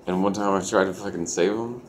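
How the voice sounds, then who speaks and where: Deep-voiced young man telling a story. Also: fairly even intonation, fast, slight background noise. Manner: loose, profane, full of "like" fillers. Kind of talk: casual storytelling.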